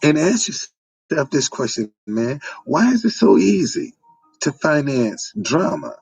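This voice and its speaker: A man's voice: fairly high pitch, big pitch swings, slow pace, vocal fry, a little mellow, breathy edge, no room sound, soft background music. Emphatic man preaching in a dry room. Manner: repetitive, emphatic, folksy street-preacher cadence. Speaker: online preacher. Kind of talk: informal preaching monologue.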